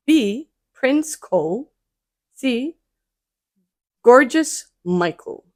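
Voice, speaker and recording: A woman co-hosting a podcast, reading quiz questions slowly and deliberately between light laughs. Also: a little high, expressive. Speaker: podcast co-host, quiz reader.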